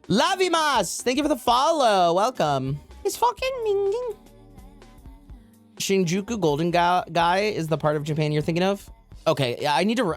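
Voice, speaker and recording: Rambling woman streamer, music behind. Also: low voice. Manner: rambling, self-interrupting, swearing. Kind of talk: casual chat with viewers.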